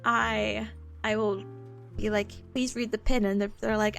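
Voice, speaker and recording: A woman's voice: medium pitch, flat delivery, moderate pace, vocal fry, faint music behind. A young woman from the southern United States, chatting casually with her live chat as a streamer, giggly and playful.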